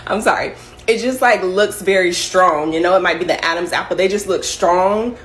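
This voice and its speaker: A woman's voice: fairly low pitch, normal speed, fairly bright tone. A young woman from the American South, a comedian talking casually to camera, playful and laughing often.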